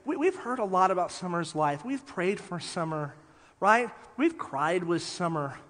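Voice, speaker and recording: A man preaching a sermon as pastor, telling lively stories and then dropping quiet for emphasis. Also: sits high, measured pace. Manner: animated storytelling, drops soft for emphasis. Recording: long hall reverb.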